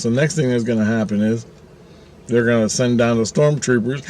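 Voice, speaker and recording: A man telling a story to camera in a casual, profane, animated way, laughing often. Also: medium pitch, normal speed, slight background noise. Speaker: channel host.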